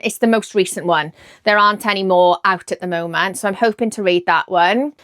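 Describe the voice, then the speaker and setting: A woman with a Welsh accent, chatting excitedly about books she plans to read and often second-guessing herself. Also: medium pitch, no room sound, studio quality. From Wales. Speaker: book vlogger. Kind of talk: casual chat about books.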